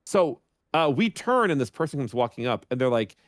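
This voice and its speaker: A man's voice: medium pitch, a little fast, no room sound, clean studio sound. A man on a podcast casually telling a funny anecdote, acting out the voices of the people in it. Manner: animated, acts out voices in his anecdotes. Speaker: guest streamer.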